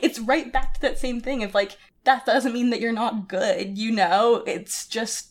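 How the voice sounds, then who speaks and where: A woman's voice: on the high side, fairly even intonation, measured pace. A woman co-hosting a podcast, chatting casually and animatedly about a story, laughing often and using lots of filler words. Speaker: podcast co-host.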